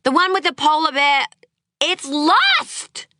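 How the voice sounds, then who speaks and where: A woman plays an exasperated young mother in a heavily acted performance, pitching her medium voice above her natural one with big swings in pitch. She speaks a little slowly and sounds sharp and fed up, recorded in a clean studio with no room sound.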